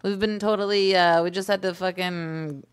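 A woman's voice: fairly low pitch, fairly even intonation, normal speed, clean tone. Chatty laughing woman from New York. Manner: chatty, laughs often, swears casually. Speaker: podcast co-host. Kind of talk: casual chat.

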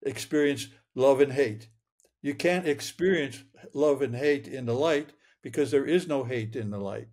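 A man's voice: medium pitch, a little slow, darkish tone. A man in his eighties, an interview guest earnestly retelling a personal experience, often restarting his sentences and chuckling. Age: 80s.

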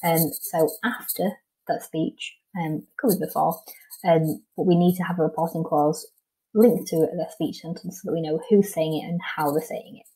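Mellow, husky woman teaching. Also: low-pitched, steady tone, moderate pace, low-quality recording. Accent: Welsh English. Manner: patient, explains step by step with many ums. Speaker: primary school teacher. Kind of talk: recorded online lesson.

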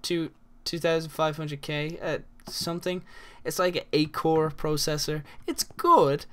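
A man's voice: fairly high pitch, a bit bright, smooth. An Irish man giving casual, rambling commentary while playing a game, full of crude jokes and asides. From Ireland. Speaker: gaming channel host.

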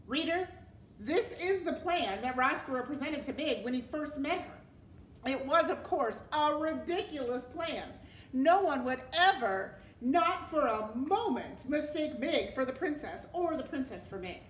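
Expressive woman teacher reading aloud. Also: sits high, measured pace, roomy sound, far from the mic, a little hiss or hum. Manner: expressive, asks the class questions. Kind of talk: reading a novel aloud to a class.

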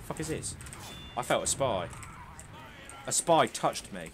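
A man's voice: mid-range voice, very animated, slow pace, music in the background. A young man giving casual, sweary, joking commentary while streaming a game.

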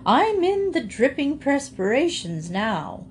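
A woman playing a slow, homely storybook cow. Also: high-pitched, very animated, a little hiss or hum, pitched above the performer's own voice, heavily acted. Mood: weary. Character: motherly female cow, kindly and homely.

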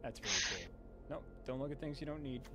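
A man's voice: medium pitch, quick pace, very noisy. A man hosting a casual card game stream, gushing over the card art and swearing freely. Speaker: streamer host.

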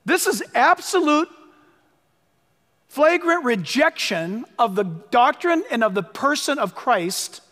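A man's voice: very high voice, very animated, slow pace, sharp tone. A man preaching a sermon as pastor, speaking emphatically, repeating phrases for stress and urging listeners to write things down. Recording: long hall reverb.

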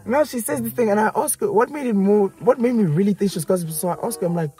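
Young man, vlog host, slangy storytelling, lively pitch, faint music behind. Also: rapid-fire, hardly any pauses. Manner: animated, slangy, laughs often. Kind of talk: casual storytelling chat.

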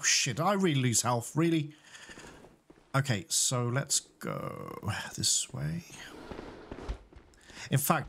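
A young man talks through his gameplay in a loose, chatty way, fidgety and nervous. He laughs nervously and swears now and then, in a voice of middling pitch. A faint hiss of noise sits under his voice. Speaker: let's play gamer. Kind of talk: casual gameplay commentary.

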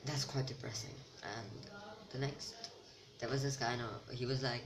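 A man's voice: mid-range voice, little pitch movement, normal speed. A teenage boy vlogging to camera in a rambling, self-mocking chat that keeps losing its thread. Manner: rambling, self-mocking, loses his train of thought. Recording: noisy home recording.

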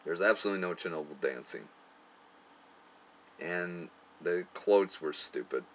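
A man's voice: deep voice, expressive, a little slow, fairly bright tone, a little hiss or hum. A young man casually looking back on his amateur film, crude and profane, often laughing at himself. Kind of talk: casual commentary.

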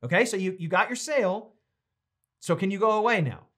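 A man's voice: high voice, expressive, fairly quick, fairly bright tone. An American man leading a casual Bible study, reading passages aloud and telling chatty stories between them. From United States. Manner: chatty and anecdotal, reads quotes aloud. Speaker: Bible teacher.

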